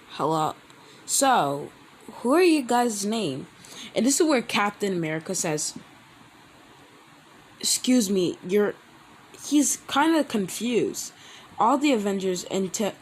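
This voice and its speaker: A man hosting his own channel, telling a fan-made story in a rambling, halting way with many restarts. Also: high-pitched, a little hiss or hum, low-quality recording. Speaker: channel host. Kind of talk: casual fan-fiction storytelling.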